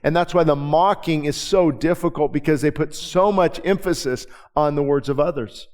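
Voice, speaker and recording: A man preaching to his congregation in a voice pitched a little above the usual male range. He reads scripture slowly and deliberately, then drops into quick, conversational asides to explain it. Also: darkish tone. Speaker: pastor. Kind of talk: sermon. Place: church.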